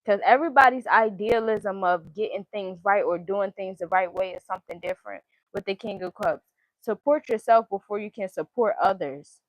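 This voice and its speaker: In a rough recording with no echo, a tarot reader with a mid-range voice and moderate pace runs through card meanings in a sing-song chant. She's casual and outspoken, says exactly what she thinks, and curses often.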